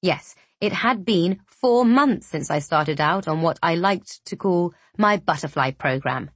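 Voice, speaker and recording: A woman narrating a first-person novel in a measured, even audiobook reading. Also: fairly low pitch, no echo.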